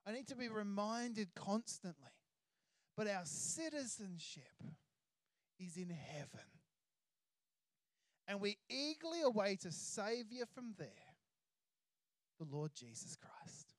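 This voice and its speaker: An Australian pastor preaching a sermon, emphatic, stretching key words out slowly. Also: mid-range voice, big pitch swings, dry recording.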